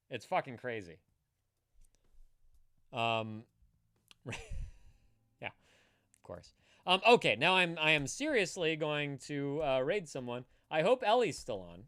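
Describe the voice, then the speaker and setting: A man co-hosting a casual live stream, animated and swearing freely, breaking into loud shouted bits. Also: on the high side, no room sound, clean studio sound. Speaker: streamer co-host.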